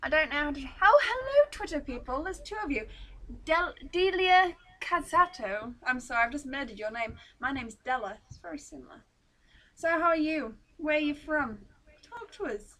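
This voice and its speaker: A high-pitched woman co-hosts a casual live stream. Her voice is bright and clear, and she talks in a playful, teasing way with lots of giggles. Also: normal speed.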